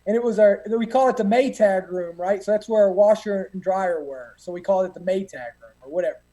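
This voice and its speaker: A man's voice: high voice, a little fast, dark tone, poor audio. A man, a guest telling boot camp stories in a rambling, profane way with many fillers. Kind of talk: casual storytelling.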